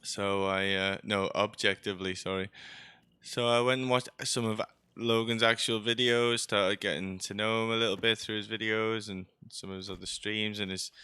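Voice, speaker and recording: A man's voice: on the low side, pushed and bright, clear, resonant tone, no room sound. A man streaming a game, rambling and joking in a chatty, sarcastic way. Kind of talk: rambling gameplay commentary.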